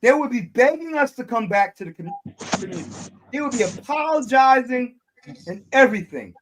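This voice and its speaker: An emphatic host from Detroit, carrying a casual streamed discussion with a lively, swooping pitch. The voice sits in a middle register and often trails off into fillers before hammering the point home. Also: fairly quick, poor audio. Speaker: podcast host.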